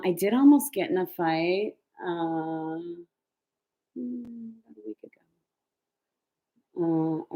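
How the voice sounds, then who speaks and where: Blunt, profane woman telling stories. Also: on the low side. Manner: blunt and profane, laughing between lines; rambling with many fillers. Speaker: vlogger. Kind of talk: casual storytelling.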